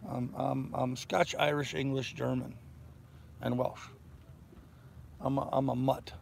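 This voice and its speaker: A man's voice: mid-range voice, level tone, measured pace, gravelly, slight background noise. An older man chatting casually on a live stream from his boat in a bay, telling rambling stories. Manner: rambling storyteller. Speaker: sailing vlogger.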